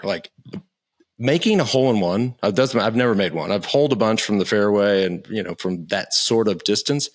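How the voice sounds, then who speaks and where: A man in his fifties, a podcast guest, telling animated stories, swearing freely and acting out what others said. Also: on the low side, moderate pace. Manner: animated storyteller, swears freely, acts out quotes. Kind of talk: casual interview chat.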